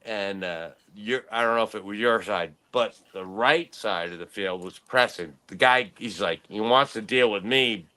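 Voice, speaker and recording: A man's voice: lowish voice, normal speed, few pauses, pushed and bright. Rambling fifties man telling stories. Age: 50s. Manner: rambling storytelling, laughs often. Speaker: podcast host. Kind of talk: casual chat.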